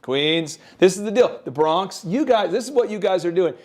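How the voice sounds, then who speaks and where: Animated high-voiced man coaching. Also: normal speed. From American Midwest. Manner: animated, acts out sales pitches. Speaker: host, business coach. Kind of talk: energetic business advice talk.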